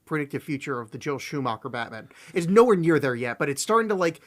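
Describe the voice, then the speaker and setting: Animated high-voiced man chatting. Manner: animated, swearing, quick bursts with laughs. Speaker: podcast co-host. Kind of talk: casual chat.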